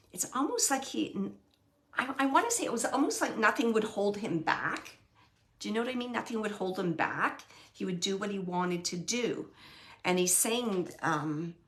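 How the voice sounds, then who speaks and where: A woman working as a medium, relaying messages in a soft, halting way that sometimes drops to a whisper. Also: medium pitch. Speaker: medium giving readings. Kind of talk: live mediumship reading.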